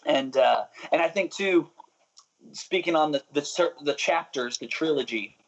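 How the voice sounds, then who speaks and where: A man's voice: on the high side, measured pace. Chatty young man, slightly muffled. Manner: chatty, self-interrupting, laughs often. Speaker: musician guest. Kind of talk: casual interview talk.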